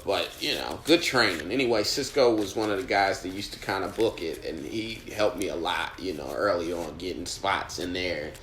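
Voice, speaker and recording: A man's voice: low voice, moderate pace, hardly any pauses, fairly bright tone, roomy sound, slight background noise. A man, a stand-up comedian and podcast guest, telling stories in casual chat with a blunt, profane, fired-up manner.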